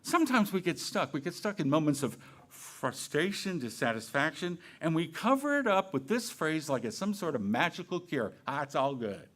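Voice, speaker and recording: A male minister speaking in a casual, conversational way. His pitch swings up and down a lot as he moves between questions, playful asides and gentle points. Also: sing-song, normal speed, hardly any pauses. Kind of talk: sermon.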